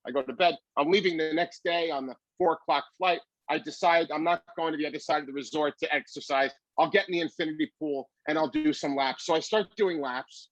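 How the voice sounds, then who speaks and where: High-voiced male comedian telling a story. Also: no echo, rough recording. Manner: animated anecdote telling. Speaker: comedian guest.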